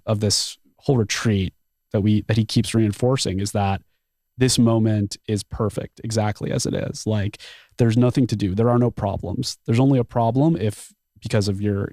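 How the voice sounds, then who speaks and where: A man telling a story as a podcast guest, animated, often saying "like" and acting out his own thoughts. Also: on the low side, no room sound, clean studio sound. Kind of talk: casual storytelling.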